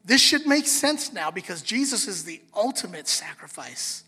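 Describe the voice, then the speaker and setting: Man, pastor, husky, very bright voice, fairly high, animated storytelling, reverberant hall, soft music underneath. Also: moderate pace. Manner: animated storyteller, acts out quotes. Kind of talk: sermon with storytelling.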